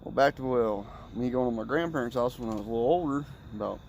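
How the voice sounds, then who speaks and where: A man's voice: mid-range voice, quick pace, gravelly, a little hiss or hum, rough recording. Rambling, profane man telling stories. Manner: rambling, profane, animated retelling. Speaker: storyteller. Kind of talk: casual storytelling.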